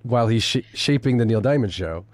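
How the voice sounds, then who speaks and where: A man's voice: mid-range voice, animated, brisk, dry recording. A man hosting a theatre podcast, asking curious, conversational questions. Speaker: podcast host. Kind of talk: interview questions.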